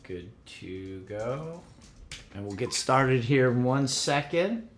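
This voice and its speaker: A man's voice: mid-range voice, slow, a little hiss or hum. A middle-aged man from upstate New York, hosting a casual livestream chat with lots of fillers. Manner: relaxed, chatty, frequent fillers. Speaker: host.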